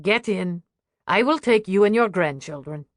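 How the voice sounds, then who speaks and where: A woman's voice: mid-range voice, animated, moderate pace, no room sound, natural voice. Storybook figure: a curt, hard-bitten lorry driver, blunt and clipped, very dry close sound, read by a woman. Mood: gruff. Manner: terse, blunt.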